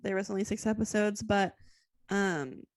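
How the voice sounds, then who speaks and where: A woman's voice: medium pitch, moderate pace, no room sound. A woman co-hosting a podcast, chatting in a rambling way full of "like" and "um". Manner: rambling, lots of "like" and "um". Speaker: podcast co-host. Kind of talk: casual chat.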